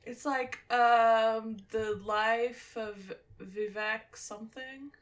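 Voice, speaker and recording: A woman's voice: fairly high pitch, steady tone, extremely slow. A woman co-hosting a podcast in casual chat, joking and laughing often. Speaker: podcast co-host.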